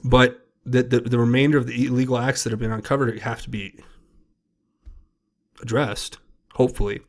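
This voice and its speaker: Casting: man, solo commentary host, rambling and emphatic, mid pitch. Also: flat delivery, moderate pace. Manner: casual, rambling, emphatic, with frequent fillers and restarts. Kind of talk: solo commentary reading posts aloud.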